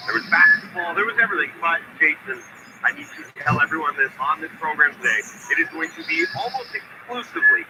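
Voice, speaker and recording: A man's voice: fairly high pitch, heavy background noise. A man co-hosting a morning sports radio show, bantering and joking as he runs through the program. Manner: jokey, bantering, animated delivery.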